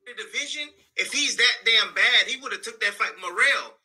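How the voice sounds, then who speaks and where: Man, panel co-host, casual and emphatic, high voice with a husky tone. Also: expressive, moderate pace, pushed and bright, poor audio. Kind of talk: panel show discussion.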